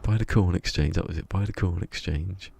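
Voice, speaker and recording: Man, deep, gravelly, rambling gaming chat, faint hiss behind. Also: a little fast, mellow. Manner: rambling, chuckling, talks to himself while building. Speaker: streamer. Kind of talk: casual gaming stream chat. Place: home room.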